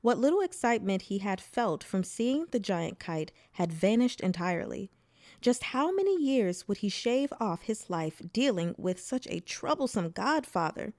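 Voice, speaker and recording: A woman reading a novel aloud as narrator, in a plain, steady storytelling manner. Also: medium pitch, normal speed, no echo, studio quality. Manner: plain steady narration, voices dialogue briefly. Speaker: audiobook reader.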